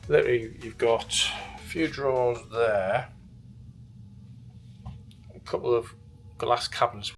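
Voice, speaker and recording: Tired gravelly man touring a cabin. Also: mid-range voice, takes it slowly, long pauses. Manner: chatty, matter-of-fact reviewing. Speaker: vlogger touring a cruise cabin. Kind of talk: casual vlog commentary. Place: cruise ship cabin and balcony. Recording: background music mixed over the voice. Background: music.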